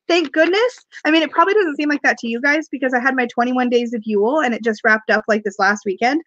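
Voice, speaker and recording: This high, slightly bright female voice belongs to a tarot video creator doing a live unboxing while she has a cough and works through cough drops. She chats casually, rambling, laughing, and reading out viewer comments, over slight background noise and audio missing its highs.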